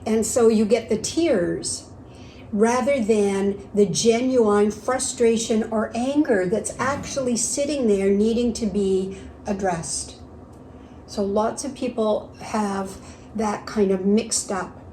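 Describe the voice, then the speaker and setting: A woman talks reflectively and earnestly, often slipping in short words of agreement. Her voice is mellow and warm at a middle pitch. The recording carries a room echo and a faint background hum. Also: takes it slowly. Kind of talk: casual conversational discussion.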